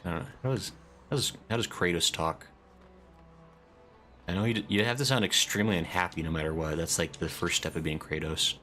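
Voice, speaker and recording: Man, deep voice, casual game streamer, chatty, reads chat aloud, faint game music. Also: steady tone, a little fast, pushed and bright. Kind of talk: casual live-stream commentary.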